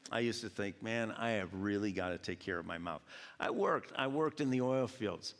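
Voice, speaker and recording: A man's voice: on the low side, normal speed. Man from Georgia preaching in a reverberant hall. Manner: animated storytelling with voiced quotes. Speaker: pastor. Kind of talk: sermon.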